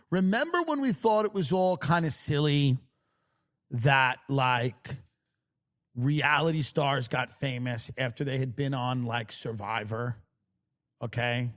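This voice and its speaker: A man hosting a comedy podcast, ranting in a loud, mocking, exaggerated way. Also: medium pitch. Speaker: podcast host. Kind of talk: comedic rant.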